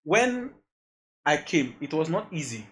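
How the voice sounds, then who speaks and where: Very animated yet unhurried, this man's fairly high, fairly bright voice tells of his journey as a music producer. As a podcast guest in casual chat, he speaks with a Nigerian accent, mixes in Pidgin, and stays earnest and reflective, repeating phrases as he thinks.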